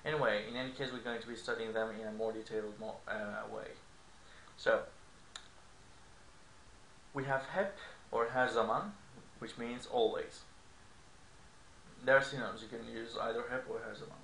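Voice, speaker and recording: A man's voice: medium pitch, normal speed, gravelly, pauses often, a bit bright. A man explaining grammar in an online language lesson, checking in with frequent "okay?" asides. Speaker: language teacher. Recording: echoey room with faint noise.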